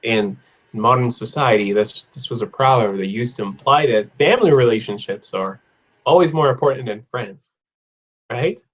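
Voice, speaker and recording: A man teaching an online English class on idioms, playful, laughing often and repeating phrases slowly. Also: mid-range voice. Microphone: video call.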